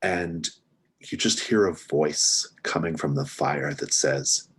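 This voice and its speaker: A man narrating a tabletop mystery game as game master, relaxed and hesitant, with many fillers. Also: rumbling low, slow pace, husky.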